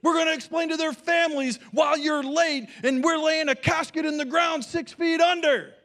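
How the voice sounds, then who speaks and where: A man's voice: very high-pitched, steady tone, moderate pace, a bit bright, voice pushed up. A man playing a towering former Marine officer who barks a furious drill-sergeant tirade at a late employee. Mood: furious shouting.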